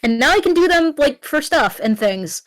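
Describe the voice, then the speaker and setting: Woman game master, higher voice, chatty, laughs easily, voice call. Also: sing-song, moderate pace, no room sound. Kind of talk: running a tabletop horror game.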